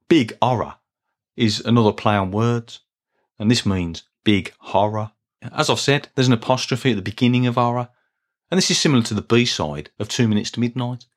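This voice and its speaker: Dry-humoured Birmingham podcast host. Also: male voice, medium pitch. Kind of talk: scripted podcast monologue.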